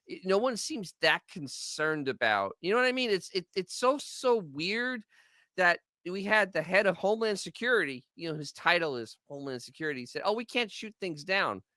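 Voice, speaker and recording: Sarcastic New man co-hosting a podcast; bright, animated delivery with a dry close-mic sound. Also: fairly high pitch, clear, resonant tone, no echo. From Staten Island, New York. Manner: rambling, sarcastic, many restarts. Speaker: podcast co-host. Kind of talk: casual commentary chat.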